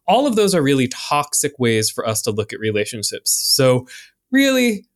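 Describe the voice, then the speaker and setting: Young male podcast co-host, casual and jokey, lots of ums and likes, mid-pitched voice. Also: wildly swooping pitch, moderate pace. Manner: chatty, filler-heavy, jokey. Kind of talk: casual chat.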